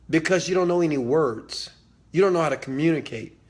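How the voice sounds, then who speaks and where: Preachy, slightly high-voiced man. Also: normal speed, a little mellow. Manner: emphatic and preachy, repeats phrases, swears. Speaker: host. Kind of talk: motivational talk.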